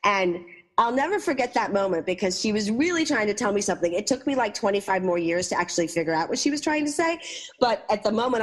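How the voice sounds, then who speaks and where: A woman's voice: mid-range voice, quick pace. A woman in her forties on a talk radio show, telling a personal story and acting out the quoted lines. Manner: animated storyteller who acts out quoted lines.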